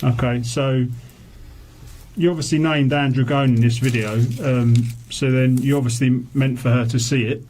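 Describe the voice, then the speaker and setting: A man questioning a suspect in a police interview, calmly reading out exhibits. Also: medium pitch, slight background noise. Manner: measured, reads out exhibits.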